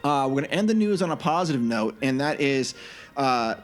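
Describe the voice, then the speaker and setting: A man's voice: medium pitch, a little fast, faint music behind. Man riffing on a podcast. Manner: animated, restarts and trails off mid-sentence. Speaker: podcast co-host. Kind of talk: casual podcast chat.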